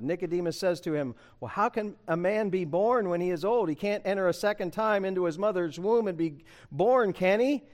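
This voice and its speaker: A man's voice: high-pitched, moderate pace. A man preaching a sermon, emphatic and conversational, asking the congregation rhetorical questions. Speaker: pastor.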